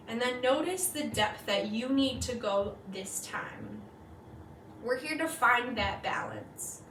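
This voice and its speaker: A woman teaching a yoga flow, calmly cueing each breath and pose. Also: a little high, a little hiss or hum. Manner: slow, calm cueing of breath and poses. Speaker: yoga instructor. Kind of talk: guided yoga class. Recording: echoey room from far off.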